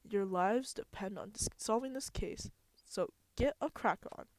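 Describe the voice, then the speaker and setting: A woman's voice: mid-range voice, measured pace, a little mellow, close to an everyday voice. Woman putting on a silly whispery bear announcer. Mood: playful. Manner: whispery, playful mock-announcer voice. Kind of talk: game dialogue read aloud in a put-on voice.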